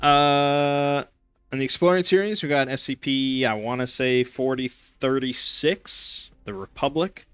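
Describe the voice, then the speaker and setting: A man's voice: medium pitch, a little slow, fairly bright tone, smooth, dry recording, faint music behind. A young man hosting a casual gaming stream, rambling sarcastically with lots of fillers and restarts.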